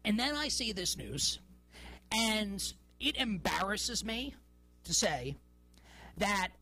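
A woman's voice: mid-range voice, very animated, slow, sharp tone, soft background music, rough recording. Woman in her thirties, sports talk host, monologue, rambling, incredulous, punchy stress.

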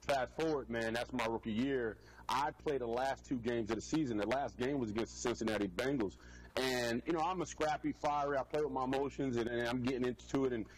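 A man who played pro football, a guest telling stories in an animated, loose way with frequent restarts. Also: mid-range voice, low-quality recording. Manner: animated storyteller, many restarts. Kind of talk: casual storytelling interview.

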